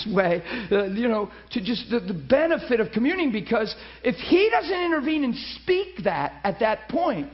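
A man preaching a personal testimony to a class, animated and emphatic, swinging between loud and hushed. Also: very high voice. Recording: dull lo-fi recording.

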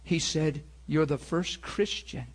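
A pastor preaching a sermon and telling personal stories in an earnest way, sometimes dropping soft and sometimes rising loud. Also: male voice, fairly high pitch, slow pace. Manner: earnest storytelling, swings from soft confessional to loud emphatic.

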